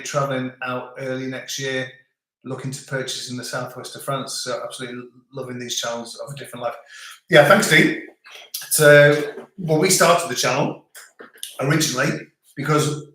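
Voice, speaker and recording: A man's voice: medium pitch, fairly bright tone. British man chatting in a very echoey room. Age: middle-aged. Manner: rambling, with frequent restarts and filler. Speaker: channel host reading live chat. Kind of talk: casual live stream chat.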